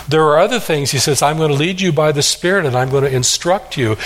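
Male pastor, sermon, earnest, emphatic, slows for stress, mid-pitched voice. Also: a little hiss or hum. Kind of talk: expository sermon.

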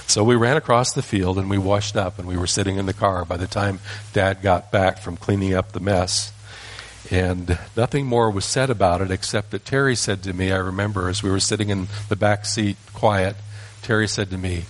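An older man with a lowish voice tells a family story from his boyhood. He speaks in a folksy, unhurried way and sometimes pauses to correct himself mid-sentence. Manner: folksy, unhurried, with small restarts. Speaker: grandfather telling a family story. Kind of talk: personal storytelling.

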